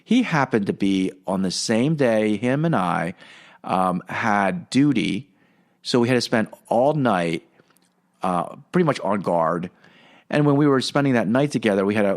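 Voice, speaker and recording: A man hosting a podcast, telling a long personal story in a casual, rambling way with lots of fillers and restarts. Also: lowish voice. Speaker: podcast host.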